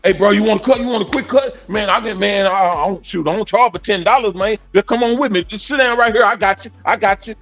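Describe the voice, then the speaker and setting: A man mimicking a pushy street barber who hustles customers for cheap haircuts in a raised, salesy pitch. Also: fast talker, hardly any pauses, fairly bright tone, faint music behind.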